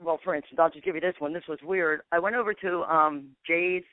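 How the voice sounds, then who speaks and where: A woman's voice: on the low side, fairly even intonation, a little fast, no room sound. A woman who is a paranormal investigator, telling a long story in a phone interview and acting out the dialogue. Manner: rambling, acts out dialogue with "I'm like". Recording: tinny dry phone line.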